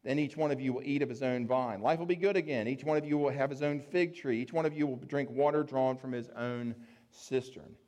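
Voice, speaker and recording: A man's voice: medium pitch, fairly quick, lightly acted. Man putting on a taunting enemy envoy. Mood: coaxing. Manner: taunting, loud and coaxing. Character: boastful menacing male Assyrian envoy.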